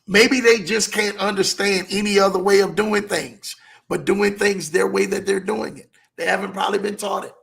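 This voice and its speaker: Gravelly-voiced guy giving a motivational talk, kinda high, repeats stuff slow for emphasis. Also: steady tone, fairly bright tone. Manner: preachy, repeats key lines, slows for emphasis. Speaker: motivational show host.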